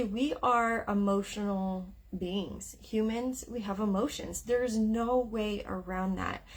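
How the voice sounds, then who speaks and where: Woman, live-stream coach, frank and teary-edged, gravelly tone, mid pitch. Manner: candid, with frequent "um" fillers. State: emotional after crying. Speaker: eating psychology coach. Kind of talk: casual live stream talk.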